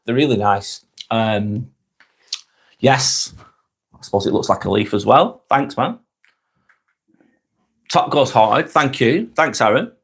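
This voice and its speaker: A man's voice: mid-range voice, lively intonation, takes it slowly, pauses often, slightly rough. English man swearing through casual live chat. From England. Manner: swears freely, rambling and repetitive. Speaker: live vlog host.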